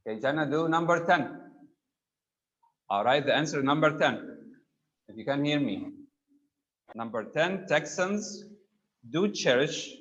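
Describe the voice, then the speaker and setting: A man's voice: medium pitch, dull audio. A man teaching a grammar class online, patiently prompting students by name for answers.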